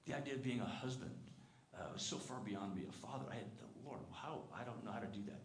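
A man in mid-pitch preaches a heartfelt sermon, swinging between emphatic exclamations and soft, hushed tenderness. His voice carries through a roomy church sanctuary. A faint murmur of room noise sits underneath. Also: fast. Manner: earnest, rising to emphatic exclamations, dropping soft and low for tender lines; lively storytelling, putting on character voices in quotes. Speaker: pastor.

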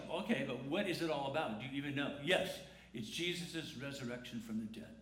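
A man's voice: mid-range voice, a little fast, fairly bright tone. A man preaching an Easter sermon in a large church, conversational and joking, drawing the congregation into call-and-response. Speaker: pastor. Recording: echoey church room with faint noise.

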